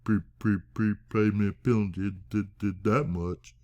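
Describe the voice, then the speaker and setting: A man's voice: fairly low pitch, steady tone, unhurried, a little mellow, muffled recording, lightly acted. A man doing a stubborn, whiny skeptical client. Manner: whiny, repeating himself. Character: stubborn skeptical male client wanting no debt.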